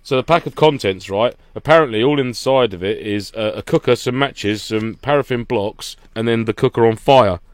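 A man's voice: mid-range voice, normal speed, few pauses, no room sound. A man co-hosting a podcast, ranting with laughter in a casual chat. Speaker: podcast co-host.

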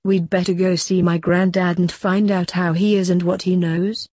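A woman reading as Blake, a calm father. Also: fairly low pitch, normal speed, no room sound, natural voice. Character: man, concerned office-bound father.

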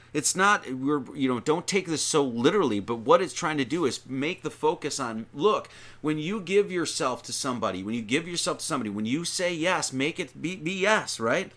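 A preacher with a somewhat high, slightly bright voice gives an informal sermon, reading scripture aloud. He explains it in a rambling, conversational manner and draws out phrases for emphasis.

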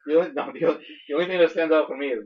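A man co-hosting a casual movie chat, speaking in an emphatic, excitable way. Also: on the high side, very fast, distant mic, dull audio. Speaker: podcast co-host.

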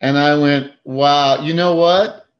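A man's voice: on the high side, fairly even intonation, slow pace, muffled recording. A man who preaches, telling a story in a casual faith chat, acting out his own thoughts with many fillers.

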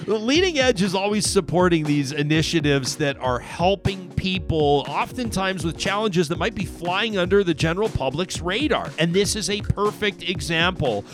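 A man hosting a talk radio show, reading live ads and joking with his co-host in an upbeat pitchman style. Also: animated, normal speed, hardly any pauses, over music. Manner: upbeat, jokey pitchman delivery.

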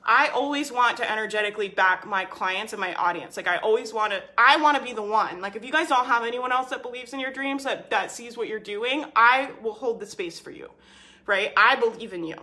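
A woman with a slightly high, bright, forceful voice coaching her audience on a live stream. She talks casually and persuasively, hammering her points home with constant "like" and "right?". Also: fairly quick. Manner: emphatic and persuasive, leans on "like" and "right?"; answers viewer comments by name. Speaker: business coach.

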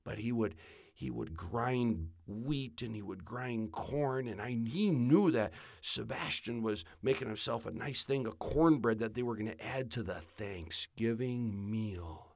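A man telling a children's story aloud in a folksy, drawn-out way. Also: medium pitch, creaky, no echo, studio quality.

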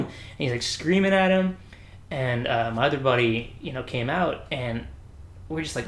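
A man casually telling stories about his Navy service, acting out the people he quotes with lively voice changes, swearing and laughing often. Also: mid-range voice, normal speed. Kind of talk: casual storytelling chat. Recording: echoey room.

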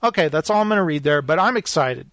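A man co-hosting a casual chat show, telling stories with animated acted-out quotes. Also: fairly high pitch, fast talker, no room sound. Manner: animated storyteller, acts out quotes. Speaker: podcast co-host.

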